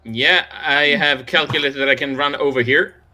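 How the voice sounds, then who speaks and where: A man playing a tabletop game, playful and quick to laugh as he explains his moves. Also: a little high, a little hiss or hum, rough recording. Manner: laughs often, lively and playful. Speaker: player.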